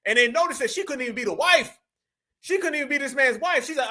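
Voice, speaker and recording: A man hosting a show, giving animated, incredulous and profane slang-heavy commentary on video clips. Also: very high voice, quick pace. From United States. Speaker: show host.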